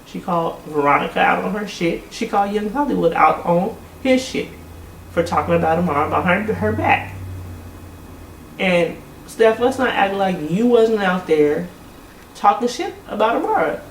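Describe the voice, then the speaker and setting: A man's voice: high-pitched, expressive, moderate pace, creaky, fairly bright tone, echoey room, far from the mic, slight background noise, low-quality recording. A man giving a blunt, exasperated recap of a reality TV episode, swearing freely and talking casually.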